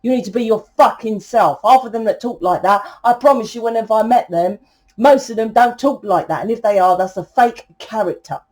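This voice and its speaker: A woman's voice: on the high side, fairly quick, darkish tone. Blunt, swearing woman tarot reader. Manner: blunt, swearing, preachy, emphatic. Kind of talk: collective tarot reading.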